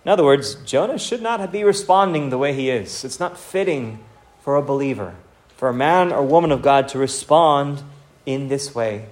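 A man's voice: mid-range voice, animated, normal speed. A man preaching an expository sermon in an earnest, teacherly way, speaking straight to his listeners.

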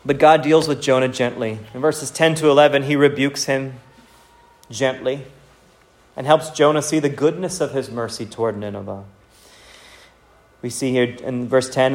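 A man's voice: mid-range voice, normal speed. A man preaching an expository sermon in an earnest, teacherly way, speaking straight to his listeners.

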